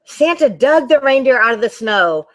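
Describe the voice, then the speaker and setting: A woman librarian reading a picture book aloud to children, animated and talking to them directly. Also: a little high, normal speed. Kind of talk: children's storytime read-aloud.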